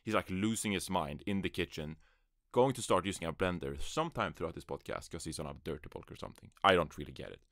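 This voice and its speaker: A man with a low, somewhat bright voice talks quickly, captured dry and clean like a studio take with no room sound. It's his first solo esports podcast, recorded on a USB mic in a small closet, and he rambles offhandedly while poking fun at himself.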